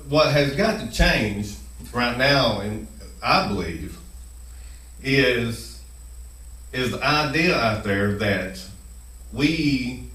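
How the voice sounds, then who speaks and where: Chewing gum and clearly nervous, this channel host talks through his first video, stumbling over fillers and restarts. The low-quality recording catches his mid-range, slightly bright voice from a distant mic, with a lot of reverb.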